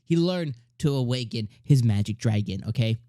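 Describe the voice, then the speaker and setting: Male anime reviewer, casual and excitable, lots of fillers and restarts, dry close sound. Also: medium pitch, normal speed, dry recording. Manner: retells scenes in slangy paraphrase. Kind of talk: casual spoken episode review.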